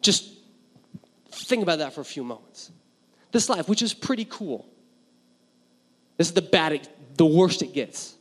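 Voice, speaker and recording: Male pastor with a higher voice, lively sermon delivery mixing humor with quiet intensity, recorded in a big reverberant hall. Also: a little slow, pauses often. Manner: animated and joking, dropping to hushed intensity.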